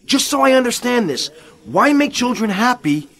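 An actor playing a tough, irritable gangster lead who snaps back in a game cutscene. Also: male voice, very high voice, very animated, normal speed, a bit bright, full character voice. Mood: exasperated. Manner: gruff, exasperated, snapping. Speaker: game protagonist. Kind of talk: video game cutscene voice acting.

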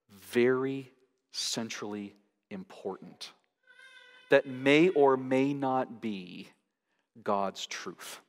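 A man preaching a sermon as pastor, emphatic, pushing his pitch up sharply to stress each point. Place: large church sanctuary. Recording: long hall reverb.

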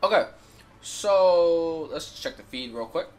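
Man talking over gameplay, rambling and slangy, with a lively pitch and faint music behind. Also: slow pace. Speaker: gaming channel host. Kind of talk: casual gameplay commentary.

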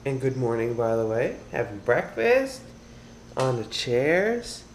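A man in his thirties talking to a handheld camera in a chatty, upbeat daily family vlog, thinking out loud as he goes. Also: medium pitch, takes it slowly. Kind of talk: casual vlog talk to camera. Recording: camera audio with steady background noise.

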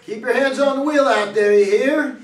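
A man's voice: high voice, animated, moderate pace. An actor playing a boastful older cowboy who runs a roadside museum, talking in a hammy, folksy salesman's drawl at a reader's theater stage reading. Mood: cocky, folksy. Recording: echoey hall from far off.

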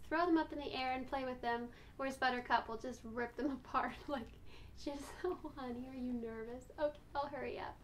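A woman's voice: high voice, a bit bright, a little hiss or hum. A woman vlogger chatting casually to camera about her rescue dogs, affectionate and rambling, cooing at them now and then. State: out of breath.

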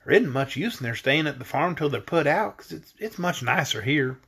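A man's voice: fairly high pitch, lively intonation, fairly quick, sharp tone, husky, exaggerated voice. A man reading a storybook aloud, voicing an earnest young farm girl who talks in plain homespun words.

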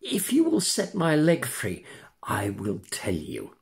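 A man's voice: medium pitch, huge pitch swings, slow, vocal fry, exaggerated voice. An older man voicing a cheeky, playful wooden puppet boy in a storybook reading, with a mischievous sing-song manner. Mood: storytelling.

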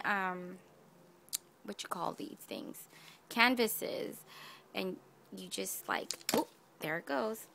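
A woman's voice: medium pitch, vocal fry, fairly bright tone, slight background noise. A woman craft vlogger gushing over gifts in a casual unboxing video, addressing her viewers directly. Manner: gushing, effusive, talks to viewers.

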